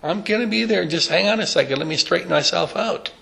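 A man voicing an achy, slightly contrary older woman with a high, strained, protesting voice. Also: fast, gravelly, pushed and bright, full character voice.

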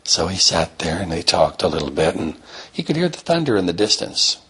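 A man telling a story in a slow, repetitive, drawn-out way. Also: low-pitched, very animated, fairly bright tone, husky. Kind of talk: told bedtime-style story.

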